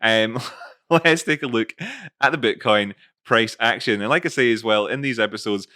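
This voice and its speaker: A man's voice: on the low side, normal speed, pushed and bright, no echo, clean studio sound. A man hosting his own show in a casual, playful way, often laughing. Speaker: host. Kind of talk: casual chat.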